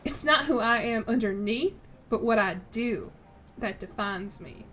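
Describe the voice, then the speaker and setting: A woman voicing Batman as a grim adult male vigilante with a put-on Southern American accent, speaking slowly and low. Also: expressive, a bit bright, slight background noise. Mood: brooding.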